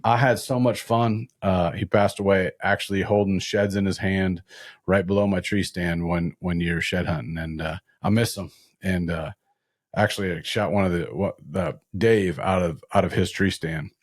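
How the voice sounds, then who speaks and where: A man's voice: deep voice, steady tone, moderate pace, dry recording, studio quality. A man hosting a casual hunting podcast, telling folksy stories and mimicking other hunters for fun. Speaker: podcast host.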